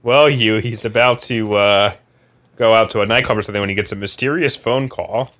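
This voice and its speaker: A man's voice: on the low side, a little fast, fairly bright tone, a little hiss or hum. A man co-hosting a comedy podcast, trading teasing, wry banter and narrating a book aloud. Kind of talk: casual banter and reading aloud.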